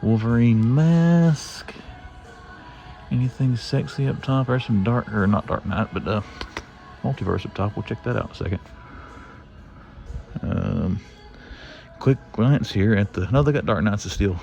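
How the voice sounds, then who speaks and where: A man's voice: lowish voice, a little fast, creaky, a little mellow, dull audio, soft background music. A man casually chatting as he browses the shelves in a store, listing the toys he finds as he goes. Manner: chatty, rambling, lists finds aloud as he browses. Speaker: toy collector vlogger. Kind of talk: casual toy-hunting commentary. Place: inside a retail store.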